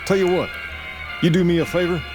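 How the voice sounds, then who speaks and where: Guy doing a smooth drawling boss type, kinda high voice, game music under it. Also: fairly even intonation, fairly quick, lightly acted. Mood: easygoing. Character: laid-back man, crime boss crooner.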